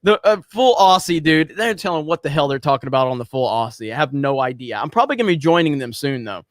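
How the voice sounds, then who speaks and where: A man's voice: a little high, very animated, fast, no room sound, studio quality. A man hosting a casual livestream, rambling with lots of fillers as he reads out viewer messages. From United States. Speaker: livestream host reading super chats.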